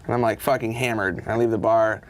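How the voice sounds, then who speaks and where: A man's voice: on the low side, a little fast, a little hiss or hum. A man casually telling backstage stories as a comedian, acting out what everyone said in a raised voice and swearing freely. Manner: animated, acts out quotes in a raised voice. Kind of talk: casual storytelling.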